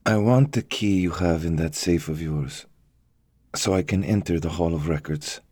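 A man voicing a menacing, resentful male betrayer who speaks low and controlled with quiet bitterness. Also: moderate pace, slightly rough, no echo, clean studio sound. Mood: cold.

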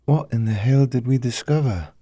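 A frightened young woman archaeologist speaks in a breathless, strained high voice that climbs into panic, put on by a man narrator. The delivery is dry and close. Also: moderate pace, dark tone, breathy edge, no room sound, close to an everyday voice. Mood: alarmed. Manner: breathless, rising to a high cry.

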